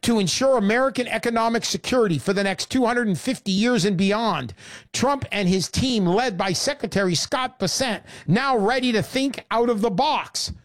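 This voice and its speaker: A woman hosting a sarcastic, animated sales pitch monologue. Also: moderate pace.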